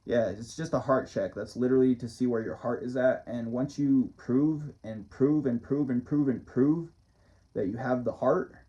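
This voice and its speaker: Mellow, loose-talking man, dull lo-fi sound. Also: mid-range voice, moderate pace. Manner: loose, profane, chuckling often. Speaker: motivational vlogger and musician. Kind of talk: casual rambling monologue.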